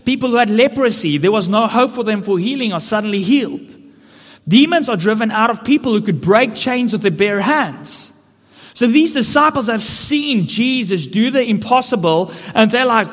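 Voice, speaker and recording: A man's voice: high voice, lively intonation, normal speed, fairly bright tone. A man preaching a sermon, earnest and building to emphatic questions. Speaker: pastor. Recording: long hall reverb.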